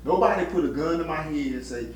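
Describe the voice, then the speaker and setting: Middle-aged man, heartfelt halting testimony, very reverberant room, mic set back, faint hiss. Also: on the high side. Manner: halting, repeats words, heartfelt. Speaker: interviewee giving testimony. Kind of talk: personal testimony interview. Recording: echoey room, distant mic, faint noise.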